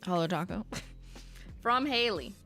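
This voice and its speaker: A woman's voice: mid-range voice, expressive, slow, sharp tone, soft background music. A woman hosting a casual livestream, reading viewer letters aloud with wry asides and frequent laughter. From Canada. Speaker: host reading viewer mail.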